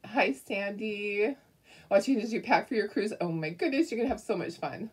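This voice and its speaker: A woman's voice: medium pitch, moderate pace, darkish tone, breathy edge. A middle-aged woman hosting a crafting livestream, chatting casually and affectionately with viewers and greeting them by name.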